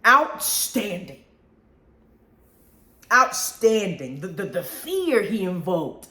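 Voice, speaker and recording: Animated woman host in a roomy space. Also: mid-range voice, unhurried. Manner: animated, expressive, frequent restarts and slang. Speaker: podcast host reviewing movies. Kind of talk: casual solo review. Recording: roomy echo.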